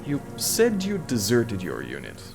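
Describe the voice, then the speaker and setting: A man's voice: medium pitch, wildly swooping pitch, measured pace, gravelly, heavily acted. A man voicing a blunt detective asking pointed questions. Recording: music playing behind voice. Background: music.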